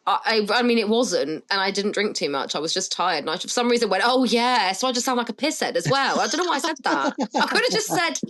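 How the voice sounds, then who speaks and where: Giggly, animated woman. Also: mid-range voice, fast, few pauses. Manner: giggly, chatty and self-mocking. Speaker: podcast co-host. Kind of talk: casual chat. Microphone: home podcast mic.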